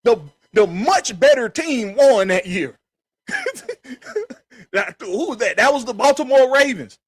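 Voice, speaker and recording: High-voiced man ranting about football. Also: expressive, moderate pace, breathy edge, dry recording. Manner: emphatic, repetitive, swears freely. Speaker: podcast host. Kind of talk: heated casual sports talk.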